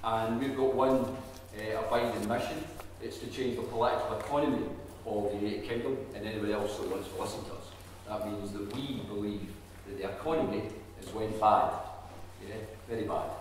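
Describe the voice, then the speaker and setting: A man's voice: fairly low pitch, steady tone, normal speed, slight background noise. A man with a Scottish accent gives a chatty, jokey public talk to a community audience. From Scottish Highlands. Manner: jokey, chatty, self-deprecating. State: tired. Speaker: think tank chief executive speaker. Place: large echoey hall. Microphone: distant room mic. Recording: echoey hall, speaker far from mic.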